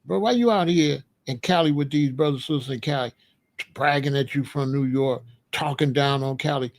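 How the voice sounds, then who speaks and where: Gravelly-voiced man ranting. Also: medium pitch, normal speed. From Chicago. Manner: blunt, streetwise, repeats phrases. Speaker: commentary host. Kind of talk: casual commentary monologue.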